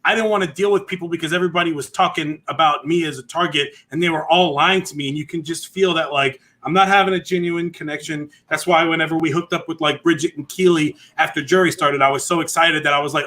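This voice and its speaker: A man's voice: fairly high pitch, fairly even intonation, quick pace, hardly any pauses, pushed and bright. A man who once played the game, talking as a podcast guest with playful, joking asides. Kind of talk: casual podcast chat.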